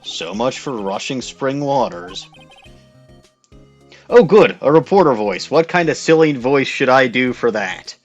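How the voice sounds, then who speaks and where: A man hosting a comedic game playthrough voice-over, sarcastic and deadpan as he reads and comments. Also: medium pitch, measured pace, highs cut off, faint music behind. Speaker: host.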